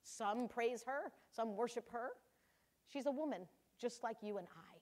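High-voiced older woman giving a devotional talk. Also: unhurried, a little mellow. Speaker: devotional speaker for mothers.

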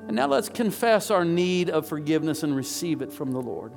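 A man's voice: fairly high pitch, animated, fairly quick, creaky, few pauses. A man preaching as a pastor, praying fervently in repeated phrases and leading a congregation in recited liturgy. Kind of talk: sermon and congregational prayer. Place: church sanctuary. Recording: long hall reverb, faint music.

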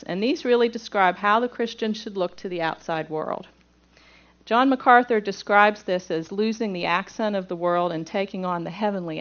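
A woman's voice: mid-range voice, highs cut off. A woman from Pittsburgh teaching a Bible lesson, reading scripture aloud and then explaining it plainly point by point.

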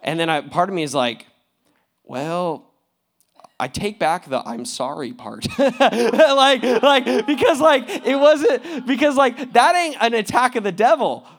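A young man with a high voice preaches in a loose, conversational way, peppering his talk with slang and laughter. He drops to quiet asides and then bursts back up loud and animated. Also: measured pace. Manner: casual, laughing, slangy preaching with big swings in volume. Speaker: pastor. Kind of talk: sermon.

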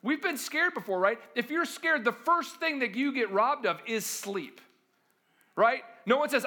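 A male pastor delivering a sermon in a high, bright voice that rises and falls a great deal. He talks to the congregation conversationally, keeps checking in with rhetorical questions, and throws himself into acting out the people he quotes. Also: lively intonation, a little slow. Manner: acts out quoted voices dramatically.

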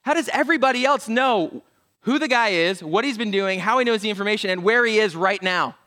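Brief: man preaching, lively humorous storyteller, higher voice. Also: a little fast. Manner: animated storytelling with acted-out voices; humorous, self-deprecating asides. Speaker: pastor. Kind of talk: sermon.

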